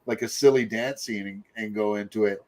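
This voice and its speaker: A man's voice: on the low side, fairly even intonation, fairly quick, darkish tone. A middle-aged man, hosting a show in casual, rambling chat full of fillers and asides. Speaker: podcast host.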